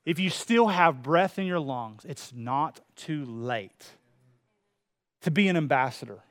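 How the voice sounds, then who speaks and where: Male preacher, high voice, impassioned sermon delivery, dry close mic. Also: expressive, unhurried, a bit bright, no echo. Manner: preaching with rising intensity, acting out quoted voices.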